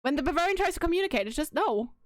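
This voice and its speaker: Blunt high-voiced woman with a dry close sound. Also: rapid-fire, dry recording. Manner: blunt, emphatic, animated. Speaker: podcast host. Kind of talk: casual podcast chat.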